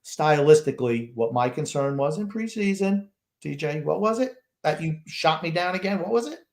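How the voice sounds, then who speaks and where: Middle-aged male co-host, cranky and sarcastic, slightly high voice, ranting chat. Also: expressive, normal speed, gravelly, darkish tone. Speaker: podcast co-host. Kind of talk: casual sports chat.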